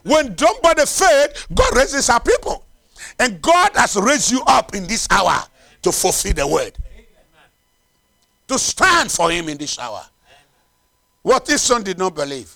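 A male preacher with a high voice that leaps up and down as he builds to loud declarations and then drops to hushed asides. He repeats phrases to drive them home. The sound is dry and close. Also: sing-song, a little slow, creaky, pauses often, no room sound. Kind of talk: sermon with closing prayer.

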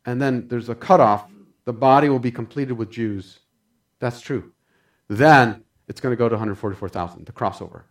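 A man's voice: medium pitch, normal speed. A man preaching a sermon, telling stories fervently and calling his listeners saints. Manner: fervent, addresses congregation as saints. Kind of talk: sermon storytelling.

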